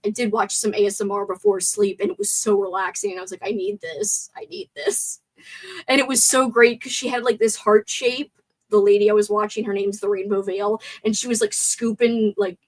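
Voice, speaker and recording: A woman hosting a casual live stream movie chat with a sore throat. She is chatty and excitable, and reads viewer comments aloud. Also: mid-range voice, low-quality recording.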